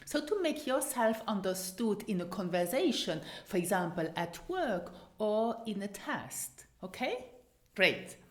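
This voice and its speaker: A woman whose first language is Luxembourgish teaches pronunciation, saying each word slowly and repeating it for the listener to copy. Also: on the high side, echoey room. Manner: slow, deliberate, repeats words for practice. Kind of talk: pronunciation lesson.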